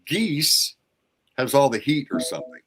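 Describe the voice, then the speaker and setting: A man's voice: mid-range voice, very animated, unhurried, fairly bright tone, slightly rough. An older man talking casually about records on a livestream, blunt and given to swearing. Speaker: record collector co-host.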